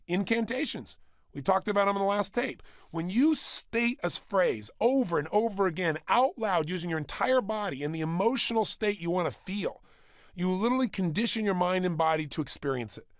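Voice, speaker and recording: A man's voice: high-pitched, sing-song, no echo. A man giving a motivational workshop talk in a studio, emphatic and fond of repeating phrases and firing off rhetorical questions. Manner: rapid-fire rhetorical questions. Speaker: motivational speaker. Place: studio with a small audience.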